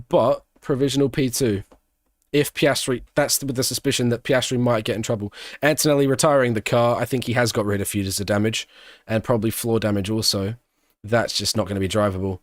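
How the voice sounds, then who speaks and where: A man commenting live on a race for his stream, chatting loosely and answering viewers between moments of action. His voice sits at an ordinary middle pitch, and the recording is dry and close, with no room sound. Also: brisk, dry recording. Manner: chatty, answers chat questions, breaks into excited shouting at big moments. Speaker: streamer hosting an F1 watch-along.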